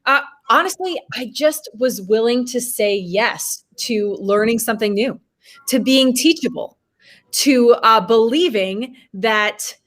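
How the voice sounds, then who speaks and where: A woman's voice: fairly high pitch, fairly bright tone. A woman on a casual panel chat, speaking earnestly and thoughtfully. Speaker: panel guest.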